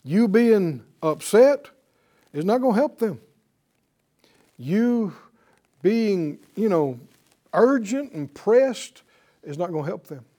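A man's voice: sits high, very animated, takes it slowly, pauses often, mellow. A man teaching a Bible lesson in sermon style, emphatic and putting rhetorical questions to his listeners.

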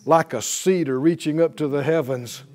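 A man teaching a Bible class in a fervent preaching style, breaking into hallelujahs and quick laughs. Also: on the high side, a little mellow.

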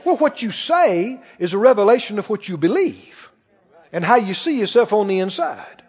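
A man's voice: sits high, very animated, moderate pace, a little mellow, slightly rough. A male pastor preaching a sermon, emphatic, repeating phrases and quoting scripture. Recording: echoing hall, dull lo-fi sound.

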